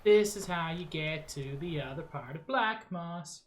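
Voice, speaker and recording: A woman's voice: lowish voice, expressive, unhurried, a little hiss or hum, rough recording. A woman streamer giving casual, playful and enthusiastic commentary while playing a game.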